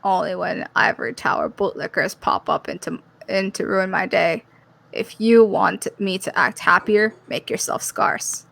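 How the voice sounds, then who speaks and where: A woman's voice: lowish voice, fairly even intonation, moderate pace, gravelly, few pauses, fairly bright tone, exaggerated voice. Woman doing a hostile female enforcer. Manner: curt and hostile. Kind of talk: reading a game's dialogue aloud. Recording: game music underneath.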